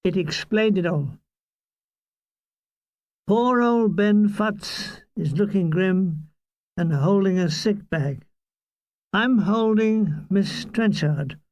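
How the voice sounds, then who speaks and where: A man's voice: high voice, dry recording. A man narrating a comic wartime memoir in a dry, wry storytelling manner. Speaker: audiobook reader.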